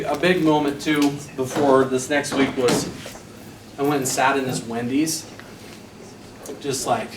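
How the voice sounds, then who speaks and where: A young man giving a motivational sales training talk, telling a personal story in an animated way and acting out his own quotes. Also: mid-range voice. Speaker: sales trainer presenting to a team. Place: meeting room. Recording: echoey room, mic far off, noisy.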